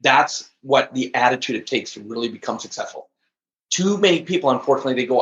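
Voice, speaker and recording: A man speaking as a guest on an interview podcast, telling stories with high energy and emphasis. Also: lively intonation, quick pace, fairly bright tone. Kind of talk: interview conversation. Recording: echoey, dull lo-fi audio.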